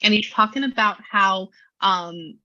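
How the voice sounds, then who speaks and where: A woman's voice: mid-range voice, measured pace, sharp tone. Chatty Southern woman on a dull video call. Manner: chatty, rambling, full of filler words. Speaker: psychic medium. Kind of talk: casual chat on a video session. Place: her new studio.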